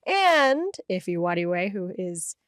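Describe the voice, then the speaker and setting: Podcast host, woman, bright and giggly, dry studio sound. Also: on the low side, sing-song, slow, clear, resonant tone, no room sound. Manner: laughs often, upbeat. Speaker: host and commissioner. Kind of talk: casual podcast chat.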